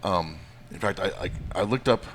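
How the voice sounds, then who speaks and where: A man's voice: low voice, moderate pace, a little hiss or hum. A man co-hosting a podcast, telling a story casually and hesitantly, with many fillers. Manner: hesitant, lots of fillers, laughs at his own story. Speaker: podcast co-host.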